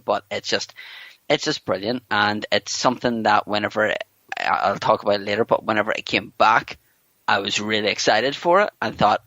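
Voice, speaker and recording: Hombre de voz grave, charla divagante. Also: male voice, fairly low pitch, sharp tone, dry recording. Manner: rambling, full of "you know" and restarts. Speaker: podcast guest. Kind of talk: casual podcast chat. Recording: dull lo-fi dry recording.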